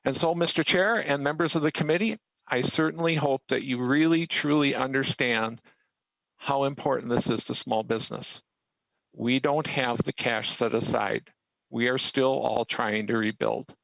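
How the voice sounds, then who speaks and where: Gravelly man pleading earnestly. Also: medium pitch, moderate pace, fairly bright tone, no room sound, muffled recording. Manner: earnest and emphatic, pressing his point. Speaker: small business owner testifying at a hearing. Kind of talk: formal testimony, pleading a case.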